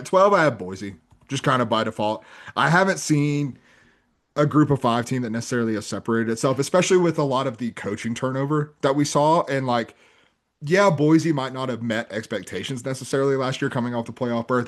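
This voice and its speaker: Male podcast co-host, mid-range voice, quick casual sports banter full of "like" and easy laughs. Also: medium pitch. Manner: quick, animated, laughs often, says "like" a lot.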